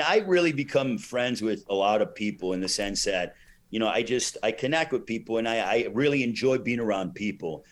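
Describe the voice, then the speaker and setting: A middle-aged man, a ring announcer, telling a story in an interview with lively delivery and frequent "you know" fillers, acting out the voices he quotes. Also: medium pitch.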